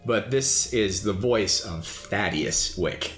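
A man's voice: fairly low pitch, expressive, slow, a bit bright, reverberant, faint music behind. A man running a tabletop game as game master, narrating scenes in a descriptive, loose way.

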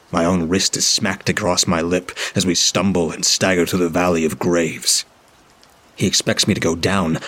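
A man narrating a horror story in a grim, steady first-person reading. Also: sits low.

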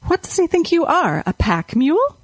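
A woman voicing a bustling, plump, motherly wheelwright's wife who talks in a brisk, scolding way. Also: very high-pitched, huge pitch swings, no room sound, pitched above the performer's own voice, heavily acted.

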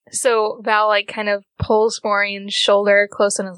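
A woman playing a tabletop game, chatting casually with quick, giggly asides. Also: medium pitch, little pitch movement, a bit bright, clear, resonant tone, no echo. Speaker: player.

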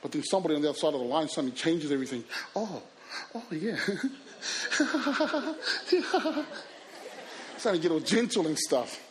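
A man telling personal stories to a live audience, animated and acting out scenes and voices. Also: a little high, rapid-fire, few pauses. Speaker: youth speaker. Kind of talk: storytelling talk to an audience.

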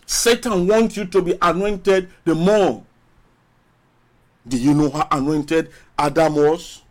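Slow, high-voiced preaching man. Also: fairly even intonation. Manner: emphatic preaching with long pauses and rising calls; repeats phrases, drawn-out words. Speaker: pastor. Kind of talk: sermon.

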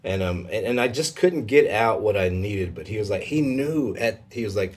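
A man telling a personal faith story in a casual conversation, emotional and halting, with many fillers. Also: fairly low pitch, lively intonation, darkish tone, breathy edge.

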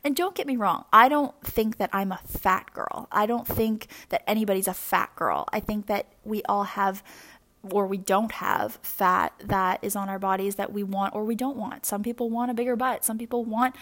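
A woman's voice: medium pitch, fairly even intonation, normal speed, a bit bright. A young adult woman hosting a podcast, talking candidly and at length about herself in a rambling, confessional way, with plenty of fillers and restarts. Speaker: podcast host. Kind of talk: personal confessional monologue.

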